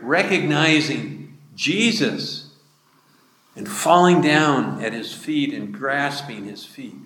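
Slow-speaking preacher in an echoey hall. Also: male voice, mid-range voice, animated, a bit bright. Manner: slow, measured retelling of scripture with quoted speech. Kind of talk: sermon. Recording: echoey hall with long reverb.

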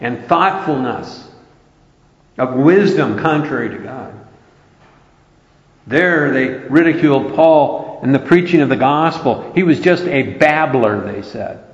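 Slow, earnest preacher in an echoey hall. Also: male voice, mid-range voice. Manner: earnest, emphatic preaching with scripture quotes. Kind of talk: sermon. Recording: roomy, dull lo-fi hall recording.

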